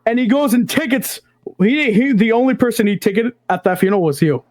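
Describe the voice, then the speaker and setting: A man's voice: very high voice, expressive, brisk, darkish tone. A man playing a cop in casual roleplay chat, brash and boastful, talking over others. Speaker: police officer in roleplay.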